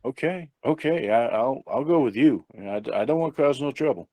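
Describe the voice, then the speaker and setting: A man's voice: medium pitch, expressive, fairly quick, dark tone, dry recording, pitched above the performer's own voice, natural voice. A man voicing a nervous, meek blind man who stammers, apologizes and talks with folksy, rustic grammar in a tabletop game. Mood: flustered.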